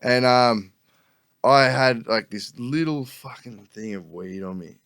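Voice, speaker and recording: A man's voice: medium pitch, unhurried, a bit bright, smooth, dry recording, studio quality. A man telling rowdy anecdotes as a podcast guest, laughing often and swearing freely. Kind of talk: casual storytelling chat.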